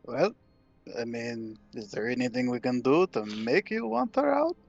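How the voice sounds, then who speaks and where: A man's voice: mid-range voice, lively intonation, normal speed, vocal fry, muffled recording, soft background music. A man playing a tabletop game, joking and arguing rules in casual chat. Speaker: player.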